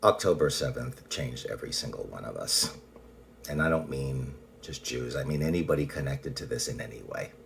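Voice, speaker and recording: Very deep-voiced man rambling bluntly. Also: normal speed, vocal fry, fairly bright tone, slight background noise. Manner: rambling and blunt, with frequent restarts and swearing. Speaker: vlogger. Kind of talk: casual personal monologue.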